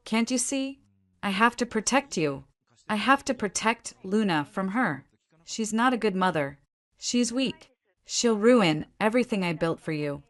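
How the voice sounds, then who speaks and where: A woman's voice: mid-range voice, expressive, a little slow, pitched above the performer's own voice, close to an everyday voice. A woman voicing a hysterical older mother-in-law who wails and shrieks erratically in a dramatic audio story. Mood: wailing.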